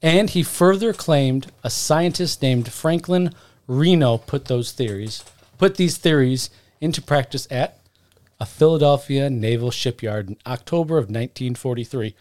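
A man's voice: mid-range voice, moderate pace, a little mellow. A man co-hosting a podcast, telling a story in a joking, profane, rambling way. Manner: profane, joking, talks to himself. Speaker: podcast co-host. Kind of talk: casual podcast chat.

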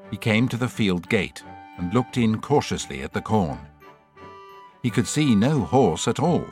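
A man narrating a children's adventure story in an expressive way. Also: on the low side. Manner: lively, expressive.

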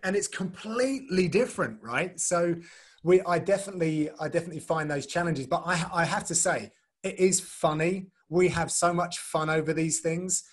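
Rambling male host, higher voice. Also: normal speed. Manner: rambling, restarts sentences, laughs easily. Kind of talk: casual chat.

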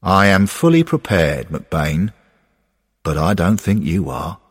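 A stern, formal ghost in a dark suit, as a male reader plays him, clipped and dry. His voice sits low and husky. A long reverb trails behind the words. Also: very animated, slow pace, full character voice. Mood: curt. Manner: curt and dry.

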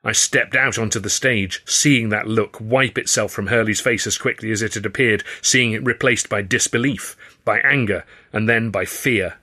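A man narrating his own novel in the first person, in a wry, measured storytelling manner. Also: fairly low pitch, sharp tone. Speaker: author reading his novel.

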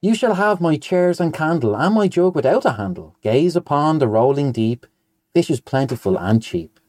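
A man's voice: on the high side, very animated, moderate pace, a little mellow, no echo, pitched above the performer's own voice. A man doing a lovesick little poem creature. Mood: earnest. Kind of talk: reading a nonsense poem aloud.

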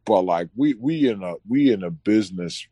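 Low mellow dude talking slangy podcast chat, dry close sound. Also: male voice, lively intonation, moderate pace, slightly rough, no echo. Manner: loose slangy, keeps saying bro. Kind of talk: casual chat, storytelling.

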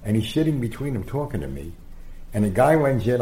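A man being interviewed as a guest, telling rambling, animated anecdotes and acting out the quotes. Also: medium pitch, fairly quick. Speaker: guest storyteller. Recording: roomy echo.

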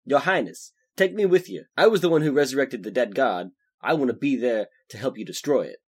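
A man's voice: mid-range voice, fairly quick, darkish tone, husky, natural voice. A man voicing an awkward, eager young knight who talks in a sheepish, hopeful way.

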